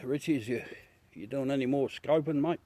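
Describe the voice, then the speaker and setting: On his livestream, this middle-aged Australian host talks with viewers in a loose, blunt way, dropping swear words and calling everyone mate. His mid-range voice is mellow and runs a little fast, captured in a dry recording.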